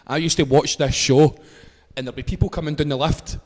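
A man's voice: a little high, steady tone, fairly quick, a little mellow. A man with a Glaswegian accent telling a casual story. He swears freely, laughs as he goes and acts out the scenes. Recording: long reverb in a hall-like room.

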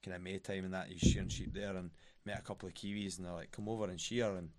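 A man's voice: deep voice, flat delivery, fast talker, a little mellow, slight background noise. A young Scottish man chatting on a podcast, telling stories with lots of laughs. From Scotland. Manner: laughs often, storytelling with quoted voices. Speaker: guest fighter. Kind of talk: casual podcast chat.

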